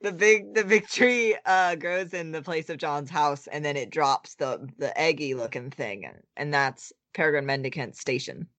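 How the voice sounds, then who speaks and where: A man hosting a podcast, talking quick in casual chat and laughing easily. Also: a little high, fairly bright tone, no room sound. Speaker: podcast host.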